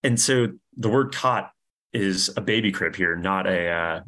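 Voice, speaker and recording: A young man with a New York accent and a very low voice talks easily as a podcast guest. He rambles a little, backs up, and leans on fillers as he tells his stories. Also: measured pace, pushed and bright. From New York, USA. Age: young adult. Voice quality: deep. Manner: chatty, frequent restarts and fillers. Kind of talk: casual interview chat.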